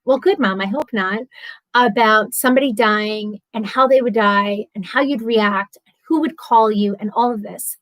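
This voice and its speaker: A woman in her thirties talking openly on a live stream, candid and animated, answering viewer comments. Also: a little high, moderate pace, no echo, rough recording. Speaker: vlogger.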